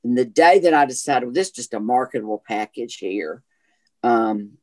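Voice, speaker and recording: A man's voice: mid-range voice, normal speed. Chatty Southern man in an interview. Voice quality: self-described gay voice. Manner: chatty, animated storytelling. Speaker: actor guest. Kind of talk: casual interview chat.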